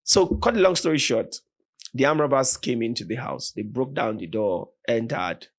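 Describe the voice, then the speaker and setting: A Nigerian man, a podcast guest, telling a story with animated, vivid retelling and voiced quotes. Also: mid-range voice, moderate pace. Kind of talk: dramatic storytelling in conversation.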